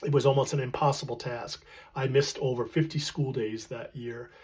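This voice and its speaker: A middle-aged man tells a personal story at a middle pitch, with a husky, slightly breathy voice. He speaks earnestly and reflectively, pausing often and searching for words. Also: steady tone, a little mellow. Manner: earnest, reflective, with many fillers and pauses. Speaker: storyteller recounting his late partner.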